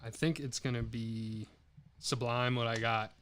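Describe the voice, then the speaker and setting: A laid-back male guest on a podcast speaks in a mid-pitched voice. He keeps his comments short and low-key. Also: steady tone, a little slow, fairly bright tone. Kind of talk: casual chat.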